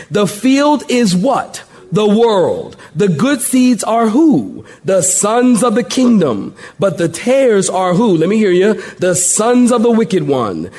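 Animated pastor preaching live. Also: male voice, high voice. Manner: animated, call-and-response with congregation. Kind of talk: verse-by-verse sermon, recorded live. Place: church sanctuary.

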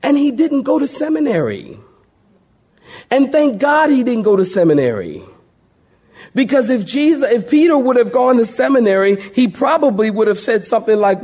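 A man preaching a sermon as pastor, speaking, joking with the congregation and calling for amens, then dropping to a slow, hushed voice to make a point. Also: extremely high pitch, husky. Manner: animated preaching with a call-and-response to the congregation; folksy humor and sudden drops to a hushed, slow voice.

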